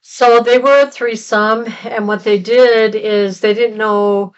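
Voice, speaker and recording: A woman's voice: on the high side, fairly even intonation, slow pace, clean tone, dull audio. A woman co-hosting a casual movie review chat, recapping the plot in a rambling way with lots of fillers. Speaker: podcast co-host.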